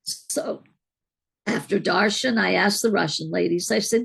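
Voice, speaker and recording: A woman's voice: medium pitch, vocal fry, husky. A middle-aged woman, an interview guest, earnestly recounting a personal spiritual experience in a reflective way. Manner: earnest, reflective, unhurried storyteller.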